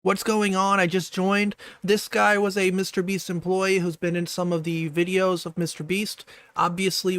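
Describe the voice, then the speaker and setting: A man streaming and reacting to a video, with a fairly high, gravelly voice. He talks in a laid-back, offhand way and reads chat messages aloud. The sound is close and dry. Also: fairly bright tone, no room sound. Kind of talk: casual live-stream commentary.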